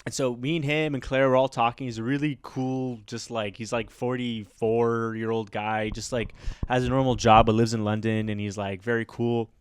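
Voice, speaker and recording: A man hosting a podcast, telling a bar story in a rambling, animated way with lots of fillers. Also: mid-range voice, moderate pace, smooth, no room sound, clean studio sound. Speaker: podcast host. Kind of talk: casual storytelling chat.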